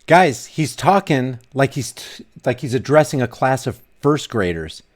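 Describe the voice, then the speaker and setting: A man's voice: medium pitch, sing-song, a little slow, hardly any pauses, a little mellow. A middle-aged man ranting in a commentary vlog, fiery and preachy, hammering his points home through repetition. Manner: fiery, preachy, emphatic, repeats himself. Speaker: vlogger.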